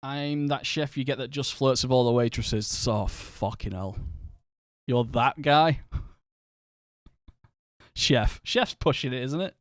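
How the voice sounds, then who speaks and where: A man with a Northern English accent, chatting casually and rambling through anecdotes while streaming a game, quick to laugh and swear. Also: medium pitch, no echo, studio quality. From England. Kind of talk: casual live-stream chat while gaming.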